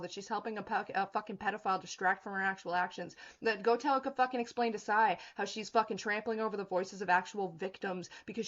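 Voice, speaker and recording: A woman's voice: mid-range voice, fairly bright tone, dull audio. A woman in her thirties on a livestream, ranting in a blunt, profane, confrontational way. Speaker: streamer.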